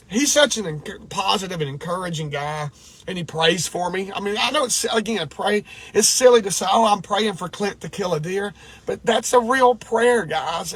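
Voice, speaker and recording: In this emotional vlog, a middle-aged Georgia man recounts a deer hunting tale, his husky voice sitting high with a fairly bright tone. Choked up, he wanders, starting over and saying things again.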